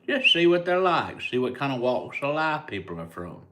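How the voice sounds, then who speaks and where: A man's voice: mid-range voice, very animated, moderate pace, bright, forceful tone. A man with a Southern US accent, a comedian casually chatting live with his fans and answering their comments in a laid-back, rambling way. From United States.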